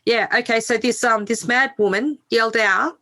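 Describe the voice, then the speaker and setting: A woman's voice: fairly high pitch, moderate pace, bright, forceful tone. A middle-aged woman speaking as a podcast guest, telling her own story frankly and swearing freely. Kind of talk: candid interview storytelling.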